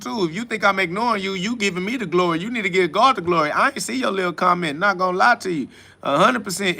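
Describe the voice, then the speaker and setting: A man's voice: sits high, creaky, sharp tone. A man hosting a casual livestream, answering chat comments in a mocking, preachy, profane and rambling way. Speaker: livestream host.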